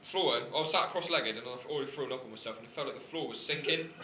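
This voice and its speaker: A man's voice: mid-range voice, quick pace, bright, forceful tone. Sheepish laughing young man. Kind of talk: casual storytelling. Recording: echoey room, faint noise.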